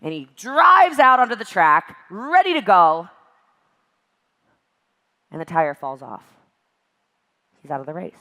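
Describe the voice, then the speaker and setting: A woman giving an emphatic, animated motivational talk at a virtual event. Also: fairly low pitch, a little slow, pauses often. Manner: emphatic and animated, acts out exasperated voices. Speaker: network marketing speaker.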